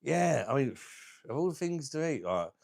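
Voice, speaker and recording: A man hosting a live stream, chatting casually and bluntly with viewers, crude and quick to laugh at his own jokes. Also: mid-range voice, very animated, gravelly, a little mellow. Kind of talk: casual live chat reading viewer comments.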